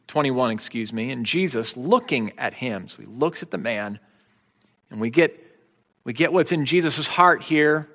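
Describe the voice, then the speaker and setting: A man's voice: medium pitch, expressive, a little slow, a bit bright, in a large hall. A man preaching a sermon as pastor, in a conversational way with wry, joking asides.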